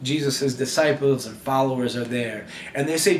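A man preaching a sermon in an animated, conversational way that often repeats words as he goes. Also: mid-range voice, normal speed, echoey room, a little hiss or hum. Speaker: pastor.

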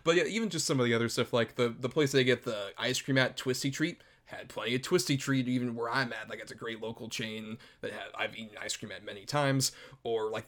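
A man's voice: medium pitch, fairly bright tone. Rambling casual man from Florida. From Florida, USA. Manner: loose and rambling, heavy "like" filler, swears casually. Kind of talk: casual film discussion.

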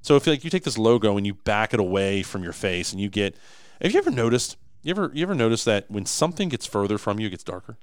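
A man co-hosting a casual podcast in a low, smooth voice. He talks emphatically and often restarts his sentences. The sound is dry and close. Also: fast talker, dry recording. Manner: animated, emphatic, frequent restarts. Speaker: podcast co-host, business owner.

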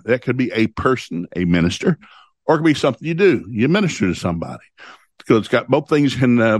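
A man's voice: lowish voice, no room sound. A man hosting a short devotional, reading scripture aloud and explaining it in a folksy, repetitive way. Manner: folksy, repeats points and reads scripture aloud. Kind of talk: casual Bible teaching.

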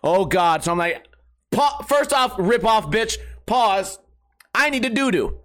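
Young guy ranting a funny story, high voice, swears a ton, gets shouty and fed up. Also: expressive, unhurried. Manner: ranting, exasperated, heavy swearing, bursts of shouting. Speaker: comedian. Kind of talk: profane comedic storytelling rant.

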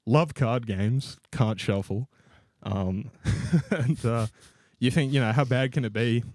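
A man's voice: mid-range voice, slow pace, darkish tone, no room sound. A young man co-hosting a podcast, telling a long self-mocking story in a rambling way and laughing as he goes. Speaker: podcast co-host. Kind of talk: casual storytelling.

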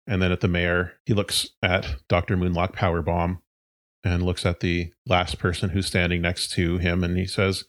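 Low-voiced man narrating a tabletop game. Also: no echo. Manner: relaxed, descriptive. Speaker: game master.

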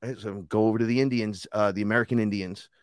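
His voice is on the low side, quick and smooth, with no echo. As a podcast guest, this rapper and shaman tells a long story casually, cursing freely and animatedly acting out other people's voices.

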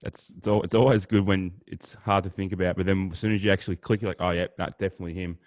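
A man with a low voice co-hosts a casual podcast, bantering in a relaxed, laid-back way. His voice sounds close and dry, with no room around it. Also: fast talker, no room sound. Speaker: podcast co-host.

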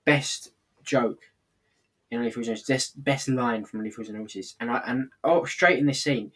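A man's voice: medium pitch, unhurried, fairly bright tone, slightly rough. A man co-hosting a podcast, chatting casually and with enthusiasm about a sitcom. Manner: enthusiastic, keeps calling things brilliant. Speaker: podcast co-host.

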